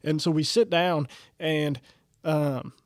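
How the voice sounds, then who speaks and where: Guy on a podcast rambling thru a story, lots of "like" and swearing, kinda high voice, super dry sound. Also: fairly even intonation, slow pace, dry recording. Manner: rambling, profane storytelling full of "like". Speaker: podcast co-host. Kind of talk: casual storytelling chat.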